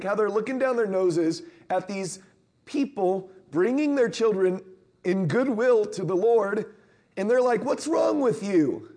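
A man preaching a sermon in a conversational way, acting out the lines of Bible characters with a rising voice. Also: darkish tone. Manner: conversational, acts out Bible quotes with rising pitch.

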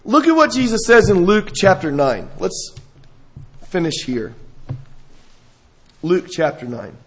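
A man preaching a sermon, reading scripture and talking it through, rising to emphatic peaks and dropping low. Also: huge pitch swings, slow, breathy edge. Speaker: pastor.

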